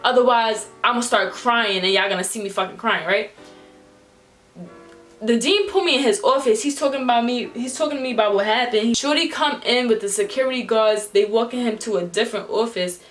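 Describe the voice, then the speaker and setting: A woman's voice: fairly high pitch, brisk, faint music behind. A young woman, casually telling a vlog storytime, acting out the people in it with slang and swearing. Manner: animated, acts out quoted voices with slang and swearing. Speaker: vlogger.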